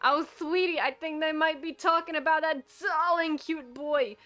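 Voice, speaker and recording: A woman's voice: sits high, fairly even intonation, normal speed, pushed and bright, faint music behind, pitched above the performer's own voice. Woman doing a sweet cooing wife.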